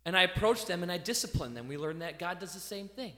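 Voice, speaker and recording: A pastor and parent delivers a sermon in a bright, high voice, talking fast and with great animation. He swings between loud emphatic phrases and quiet, low asides. The sound echoes around a large hall.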